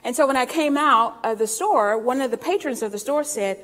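A woman's voice: sits high, fairly bright tone. Folksy preacher woman in a reverberant hall. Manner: folksy storytelling, laughing often, drawn-out scripture reading. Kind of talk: sermon.

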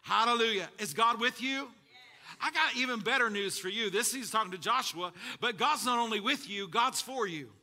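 A man preaching a sermon, calling out to his congregation and building to shouts at the high points. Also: normal speed. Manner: call-and-response preaching to a congregation. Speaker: pastor.

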